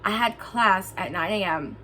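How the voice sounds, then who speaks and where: A woman's voice: mid-range voice, a little slow, slight background noise. Young woman animatedly telling a story. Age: young adult. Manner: animated, swearing, acts out quotes. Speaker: vlogger. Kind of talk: storytime vlog. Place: indoors, lying down at home.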